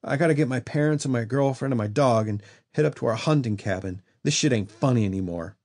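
A man's voice: medium pitch, quick pace, a little mellow, close to an everyday voice. A man voicing a desperate young man talking coarsely and urgently, in an audiobook.

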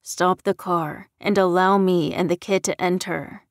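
A woman's voice: fairly low pitch, little pitch movement, unhurried, vocal fry, no echo, clean studio sound. A woman voicing a young man, a blunt and brave wolf shifter, giving curt orders in an audiobook. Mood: commanding. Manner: commanding, curt.

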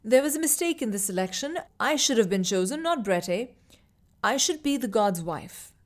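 A woman's voice: a little high, animated, fairly quick, darkish tone, close to an everyday voice. Anxious young clan girl in a storybook: shaky, pleading, jealous; the woman narrating puts her on.

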